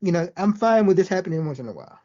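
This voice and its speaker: A mellow, dark-toned speaker chats casually on a podcast, mostly chiming in with short agreements before offering a calm opinion. The sound is dull and lo-fi. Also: medium pitch, racing. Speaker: podcast co-host. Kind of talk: casual wrestling chat.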